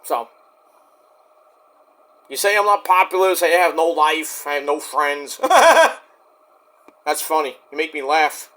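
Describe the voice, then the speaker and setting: A man speaks straight to the camera in a rambling vlog rant, his voice sitting high for a man. He is indignant and defensive, repeats himself, restarts his sentences and swears freely at the people who doubt him. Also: steady tone, unhurried, long pauses, bright, forceful tone. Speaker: YouTube wrestling reviewer. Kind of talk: ranting vlog address to critics.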